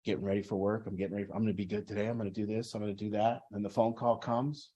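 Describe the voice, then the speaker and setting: A man's voice: on the low side, little pitch movement, racing, dark tone. A man talking earnestly to a recovery group, acting out people's inner voices as he explains. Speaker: group facilitator. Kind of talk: motivational group talk.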